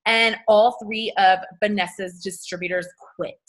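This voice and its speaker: A woman gives a motivational talk to her sales team in a bright, forceful voice. She is blunt and chatty, full of slang, and keeps acting out little scenes in quoted voices. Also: medium pitch, moderate pace. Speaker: network marketing team leader.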